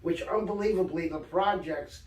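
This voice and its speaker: Older New man, high voice, animated storyteller, off-mic in an echoey room. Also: normal speed, distant mic. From Brooklyn, New York. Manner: animated storyteller, acts out quoted dialogue. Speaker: guest author. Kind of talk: casual storytelling interview.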